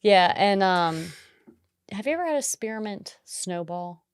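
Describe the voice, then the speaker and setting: A woman's voice: medium pitch, expressive, a little slow, smooth, dry recording. Female podcast co-host, silky resonant tone, dry close mic, easygoing plot recapper with a teasing edge. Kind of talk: casual movie-review chat.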